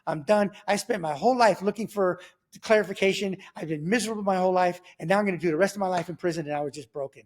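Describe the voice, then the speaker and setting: A man telling his faith testimony in casual, animated storytelling, acting out what he and others said and checking in with the listener. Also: sits high, very fast. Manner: animated, acts out his own quoted remarks. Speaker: guest sharing a faith testimony.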